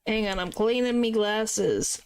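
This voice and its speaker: A woman voicing a gruff older male prison governor with a Scottish accent, reading game dialogue aloud in a curt, dismissive way. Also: mid-range voice, unhurried, a little hiss or hum, lightly acted. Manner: curt, dismissive, clipped dialect.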